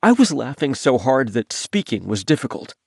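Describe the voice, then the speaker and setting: A man narrates a first-person story for an audiobook, his pitch moving freely up and down as he reads. The sound is dry and close, with no room around it. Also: moderate pace, creaky, breathy edge, no room sound. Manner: lively, expressive reading.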